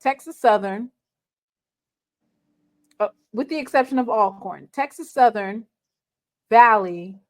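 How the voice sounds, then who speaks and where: A woman's voice: on the high side, slow pace, long pauses. A woman hosting a sports talk show, laying out a team's record and pressing a guest with pointed questions. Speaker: host.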